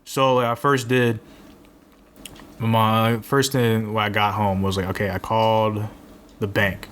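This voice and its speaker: A man's voice: fairly low pitch, level tone, a little slow, fairly bright tone, slight background noise. A young man in his twenties, co-hosting a podcast and telling a rambling, swear-filled story in casual chat. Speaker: podcast co-host.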